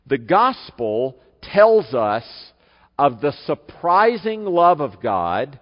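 Male pastor, fairly high voice, unhurried sermon delivery, dull reverberant hall sound. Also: big pitch swings. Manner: measured preaching with slow, emphatic scripture reading. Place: church sanctuary.

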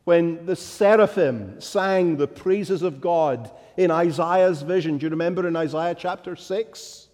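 A male pastor delivers a sermon in an unhurried, measured cadence, his voice sitting a little higher than most men's. He builds steadily to forceful, emphatic declarations. The sound carries the long reverb of a large church hall. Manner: deliberate, rising to emphatic declarations.

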